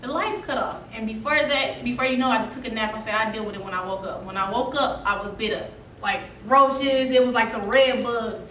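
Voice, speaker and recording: A woman telling her life story to a seminar audience, animated and laughing through it. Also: fairly high pitch, brisk, slight background noise. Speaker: seminar speaker. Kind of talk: storytelling talk to a youth audience. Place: seminar room. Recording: echoey room, mic from a distance.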